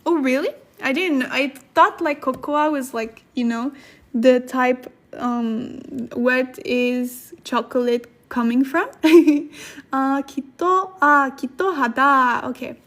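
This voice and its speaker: Slow, high-voiced woman teaching while sick. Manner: thinks aloud, pauses to look things up, laughs at herself; slow careful explanations. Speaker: Korean language teacher on a livestream. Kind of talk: casual livestream lesson.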